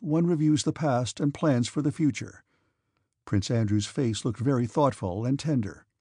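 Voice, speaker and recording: A male audiobook reader narrates a classic novel in a measured, steady voice. His tone is dark and mellow with a husky edge. The recording is close and dry, with no room sound. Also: medium pitch, no echo. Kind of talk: scripted narration.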